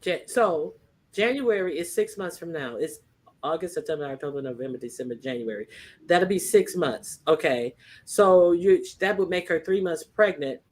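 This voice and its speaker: A woman's voice: lowish voice, animated, normal speed, a little mellow. A woman hosting a casual livestream panel chat, teasing her guests and laughing often. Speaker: livestream host.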